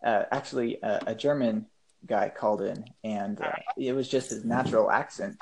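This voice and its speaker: A man chatting as a guest on a podcast, hesitant and filling pauses with ums. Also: on the low side, vocal fry, background noise. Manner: hesitant, lots of ums, laughs easily. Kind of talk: casual chat.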